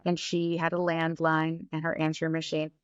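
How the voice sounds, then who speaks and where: A woman guest in a casual podcast interview, chatting in an animated, storytelling way. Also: deep voice, moderate pace, smooth, no echo, highs cut off. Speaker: actress guest.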